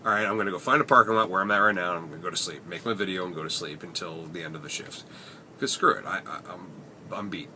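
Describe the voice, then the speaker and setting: Wry, rambling man with a bright voice. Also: low-pitched, fast, a little hiss or hum. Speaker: taxi driver. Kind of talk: casual storytelling vlog. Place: inside his parked cab.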